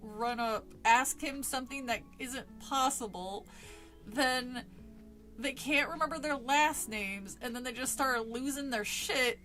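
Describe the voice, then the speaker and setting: A woman's voice: sits high, measured pace, bright, forceful tone, soft background music. Sarcastic young woman streamer. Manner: sarcastic, swears, laughs often. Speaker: streamer reading a book. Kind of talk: casual live-stream commentary.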